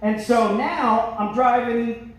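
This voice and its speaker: A man doing a stand-up comedy set on a theater stage, brash and slipping into gruff voices for his bits. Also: extremely high pitch, slow, very echoey, far from the mic, poor audio. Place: large theater stage with live audience.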